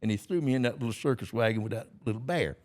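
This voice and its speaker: A man's voice: medium pitch, rapid-fire, a little mellow. Old man spinning a yarn. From Georgia, USA. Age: 80s. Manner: folksy, laughing often, plain rural grammar. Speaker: podcast guest. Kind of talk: storytelling in a casual interview.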